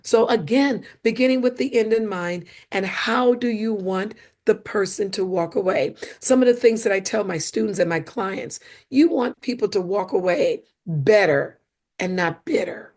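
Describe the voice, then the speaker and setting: A woman communication coach speaking as a podcast guest. She talks with animated emphasis and often acts out little spoken examples to make her point. Her voice sits in a middle range for a woman. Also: medium pitch, normal speed.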